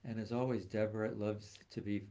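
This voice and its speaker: A man's voice: on the low side, level tone, a little fast, noisy background. A man co-hosting a casual talk show, genial and fond of sharing trivia. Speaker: co-host.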